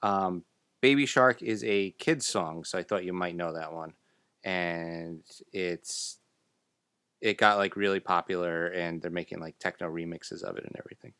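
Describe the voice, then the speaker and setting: A man's voice: low voice, steady tone, normal speed, bright, forceful tone, smooth, no echo. A man co-hosting a podcast, laid-back and teasing, reading listener emails. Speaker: podcast co-host. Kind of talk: casual chat.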